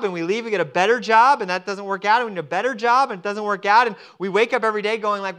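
Bright, high-voiced man preaching a sermon. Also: fast talker, hardly any pauses, smooth. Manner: animated, acts out quoted voices of God and people. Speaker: pastor. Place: church service.

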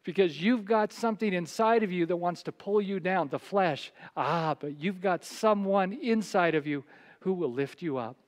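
A man preaching a sermon as pastor, telling a story and dropping to a soft, quiet voice for quoted words. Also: sits high, moderate pace. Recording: long reverb of a large hall.

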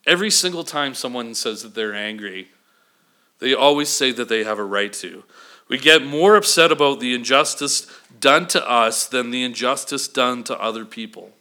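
A pastor with a sharp, medium-pitched voice speaks at normal speed. His sermon is conversational, and he repeatedly checks in with the congregation by saying "okay?"

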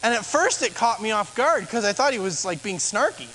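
A man's voice: sits high, very animated, a little fast, pushed and bright, slight background noise, rough recording. A man, a pastor, preaching a sermon in a conversational way, asking rhetorical questions.

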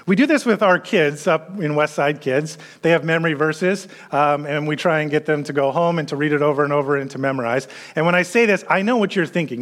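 Guy pastor giving a sermon, kinda high voice, long church-hall echo. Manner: leads the congregation in call-and-response recitation. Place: church sanctuary.

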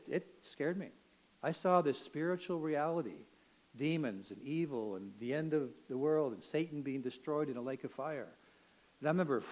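In a rough recording, an older Canadian man gives his personal testimony in a mid-pitched voice. He speaks earnestly and emotionally, his voice climbing to near shouts at the dramatic moments.

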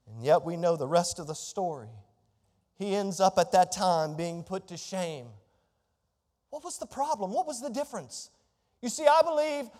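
A man preaching a sermon in a church, building from quiet scripture reading to emphatic declarations. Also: extremely high pitch, in a large hall. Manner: rising to emphatic, near-shouted declarations. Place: church sanctuary.

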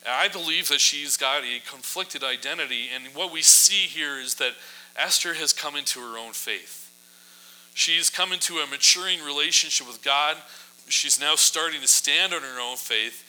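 Bright, forceful preacher telling a story. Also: male voice, fairly high pitch, moderate pace, rough recording. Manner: casual, humorous storytelling with asides. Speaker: pastor. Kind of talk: sermon.

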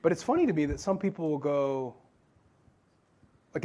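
High-voiced, joking preacher mid-sermon. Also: male voice, sing-song, moderate pace, mellow. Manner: conversational, joking, asks the crowd questions. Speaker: pastor. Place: church.

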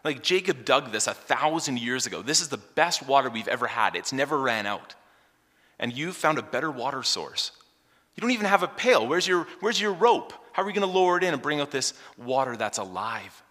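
A man's voice: medium pitch, animated, fairly quick, bright, forceful tone. A man voicing a proud, doubtful Samaritan woman at the well, firing off incredulous questions. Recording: long hall reverb.

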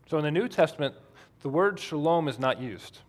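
A man's voice: on the high side, animated, fairly quick. A man preaching a sermon in a conversational way, asking the congregation questions. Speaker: pastor.

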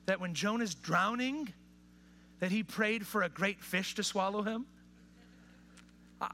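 A man preaching a sermon to a live congregation, dropping to hushed, intimate asides and rising to impassioned appeals. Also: high-pitched, slight background noise. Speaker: pastor. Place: church or hall with live audience.

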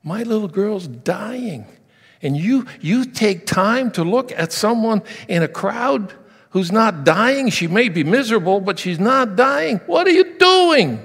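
A man preaching a sermon voices a desperate father begging for his dying daughter, his exasperated pleas rising toward a shout. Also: high-pitched, very animated, a little slow, breathy edge, long reverb tail, pitched above the performer's own voice, heavily acted. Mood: frustrated, pleading.

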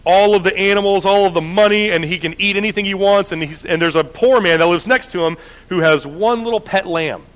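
A man preaching a sermon, telling the story in a lively, conversational way with frequent restarts. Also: high voice, a little fast, big-room sound.

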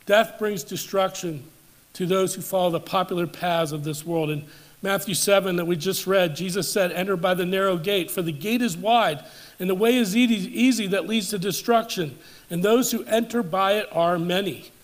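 A pastor with a notably high voice delivers a church sermon in a measured, deliberate preaching manner. He slows and drops his voice to drive a point home, then lifts it with force on the climactic scripture. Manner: measured preaching, slowing and dropping for emphasis, rising on climactic scripture. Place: church service.

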